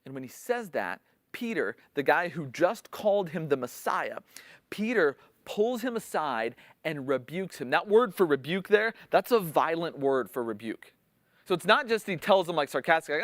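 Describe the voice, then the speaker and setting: A man's voice: a little high, very animated, normal speed, fairly bright tone, no room sound. A man preaching a sermon in a conversational teaching style, explaining scripture and acting out the quotes with rising intensity. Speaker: pastor.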